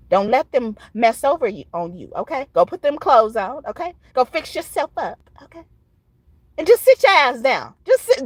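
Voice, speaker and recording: A high-voiced woman gives an unhurried tarot reading, her pitch leaping up and down as she talks. She is blunt and profane, laughs between points and keeps checking in with "okay?". Her voice sounds dry and close, with no room echo. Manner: blunt and profane, tags most phrases with "okay?". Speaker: tarot reader. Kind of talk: casual tarot reading to camera.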